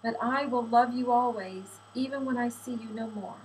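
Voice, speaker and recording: A gentle, doting girl of seventeen murmurs her words with soft tenderness, as a woman reading aloud puts her on. Her voice sits a little high and stays hushed and close, a faint hum underneath. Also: normal speed, natural voice, poor audio. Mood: tender. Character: affectionate seventeen-year-old slave girl.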